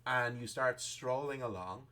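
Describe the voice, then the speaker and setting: A man narrating a tabletop game as game master, rambling with many pauses and restarts. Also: medium pitch, pushed and bright, slight background noise.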